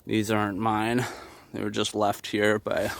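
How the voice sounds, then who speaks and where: A man's voice: lowish voice, completely flat delivery, a little slow, creaky. A young man rambling casually to his camera outdoors on rural land, loose and self-deprecating. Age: young adult. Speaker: vlogger.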